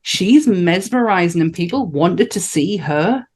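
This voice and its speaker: A woman's voice: lowish voice, animated, unhurried, darkish tone, husky. A woman co-hosting a film podcast, chatty and enthusiastic, swearing casually. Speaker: podcast co-host. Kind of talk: casual film review chat.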